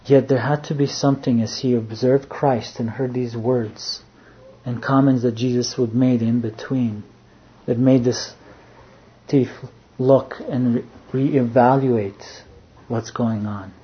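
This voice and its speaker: A man preaching a sermon, earnest in tone, dropping to a hush when he quotes. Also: medium pitch, steady tone, slow. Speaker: pastor. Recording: dull lo-fi sound, faint background noise.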